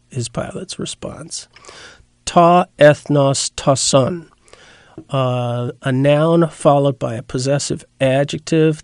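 Halting gravelly male lecturer, dry sound. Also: medium pitch, darkish tone, no room sound. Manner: halting, many fillers and restarts, stresses Greek words. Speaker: lecturer in biblical Greek. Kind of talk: unscripted lecture.

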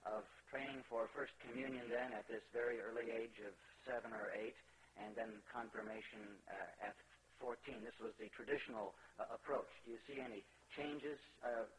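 A man's voice: mid-range voice, slight background noise, rough recording. A man from the audience asking a question in a chatty, joking, rambling way.

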